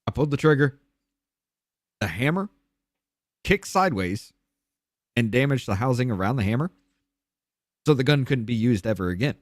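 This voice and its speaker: A man's voice: expressive, moderate pace, pauses often, dry recording, clean studio sound. Blunt, profane man telling his story. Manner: blunt, profane, drops low and quiet on painful parts. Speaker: podcast guest. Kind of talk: candid personal storytelling.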